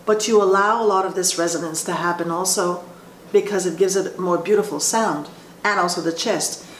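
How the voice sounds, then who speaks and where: A woman voice teacher explaining vocal placement in a slow, halting way, often restarting her sentences. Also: lowish voice. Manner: explains slowly with frequent restarts. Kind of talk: instructional talk with sung demonstrations. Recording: roomy echo with faint ambient noise.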